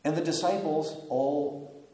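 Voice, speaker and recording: A man preaching a sermon, telling a story in an animated way with wry humorous asides. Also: fairly high pitch, slow. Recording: echoey hall with long reverb.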